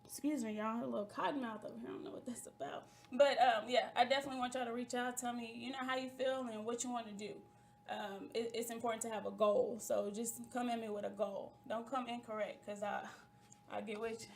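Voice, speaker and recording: A woman's voice: a little high, steady tone, fairly quick, vocal fry, slight background noise. A woman hosting a talk show in a chatty, playful manner, talking straight to her listeners. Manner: chatty and playful, calls listeners "y'all" and "baby". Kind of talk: casual chat.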